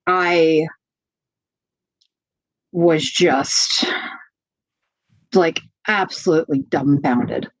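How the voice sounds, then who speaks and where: Drawing out her words with long pauses, a Pennsylvania woman speaks in a deep voice as a podcast guest, frankly and animatedly retelling her own story full of fillers. The recording has no echo but is dry, lo-fi and slightly dull.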